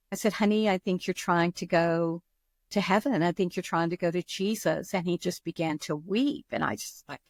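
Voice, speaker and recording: A woman's voice: fairly low pitch, dry recording, studio quality. Earnest older woman telling her story. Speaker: guest. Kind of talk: interview, personal story.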